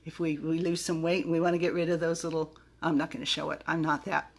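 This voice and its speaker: A bubbly middle-aged woman talks straight to camera in a chatty, giggly way, often tripping over hard words. Her voice sits a little low, and she sounds open and unscripted. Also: little pitch movement, fast talker, creaky. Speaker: vlogger reviewing vitamins. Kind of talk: casual talk to camera.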